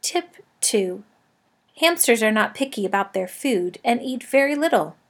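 Lively woman reading a children's story. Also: a little high, measured pace, slightly rough. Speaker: audiobook narrator. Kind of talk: first-person storybook narration.

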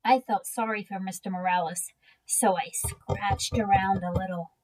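A woman reading a children's book aloud in a gentle, unhurried storytelling manner. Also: medium pitch, fairly even intonation, low-quality recording. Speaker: reader.

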